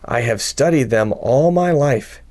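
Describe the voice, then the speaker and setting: Man voicing an old grandfather, kindly, gentle, slow, storybook. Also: mid-range voice, expressive, lightly acted. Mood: warm.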